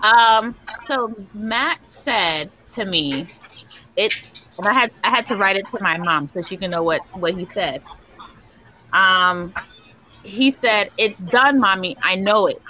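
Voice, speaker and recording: A woman's voice: medium pitch, takes it slowly, bright, forceful tone, a little hiss or hum, rough recording. A woman hosting a casual group chat among parents, telling stories and laughing often. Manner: laughs often, chatty storytelling. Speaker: parent support group host.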